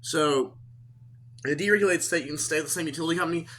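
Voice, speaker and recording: Oklahoma guy, podcast host, quick and profane, sharp tone. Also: on the high side. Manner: profane, rambling storytelling. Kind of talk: casual chat.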